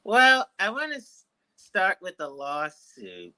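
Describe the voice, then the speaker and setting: A man of around thirty from Washington, D.C. recounts his own story as a guest author. He speaks slowly and deliberately, choosing his words with care. His voice has a bright, forward tone. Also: high voice, huge pitch swings, rough recording. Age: about 30. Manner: deliberate, measured, articulate storytelling. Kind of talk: telling his life story in an interview.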